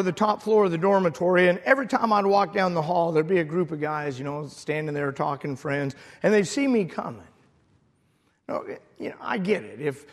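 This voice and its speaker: A middle-aged man, a pastor, preaching a sermon and telling a personal story with emotion, at times rising to shouted prayer. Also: on the high side, gravelly. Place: church sanctuary. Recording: long hall reverb.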